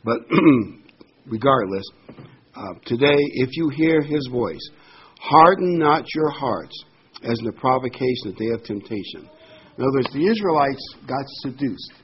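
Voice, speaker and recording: An older man preaching a sermon, reading Bible verses slowly and with emphasis between plain explanations. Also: mid-range voice, animated. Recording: dull lo-fi with faint noise.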